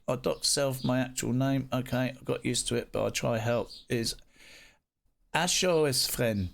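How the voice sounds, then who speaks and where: A man, live streaming and chatting casually with his viewers, greeting them by name and swearing freely. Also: mid-range voice. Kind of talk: casual chat reading live chat.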